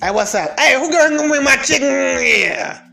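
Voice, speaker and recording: A man voicing a loud, pushy middle-aged mother who demands chicken and money. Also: very high-pitched, lively intonation, normal speed, gravelly, faint music behind, voice pushed up, exaggerated voice. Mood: demanding. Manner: brash, demanding.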